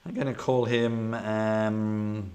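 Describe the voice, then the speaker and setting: A man with a fairly low voice streaming a solo tabletop game. He chats casually and thinks aloud, rambling with lots of fillers and restarts. He speaks into a desktop setup with a camera. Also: flat delivery, slow, warm tone, slight background noise.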